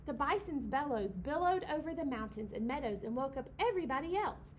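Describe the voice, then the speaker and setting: A young woman reads a picture book to babies at a library storytime. Her voice sits high and swoops up and down in a bouncy sing-song as she acts out the animal noises. A faint hum of room noise lies underneath. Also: lively intonation, a little fast, hardly any pauses. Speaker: children's librarian leading storytime.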